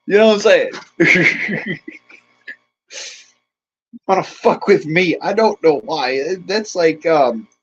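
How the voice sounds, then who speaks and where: A man's voice: on the high side, takes it slowly, long pauses, a bit bright, breathy edge. Man ranting crudely on a lo-fi stream. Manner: crude, rambling, chuckles often. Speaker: livestream host. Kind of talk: casual ranting to live chat.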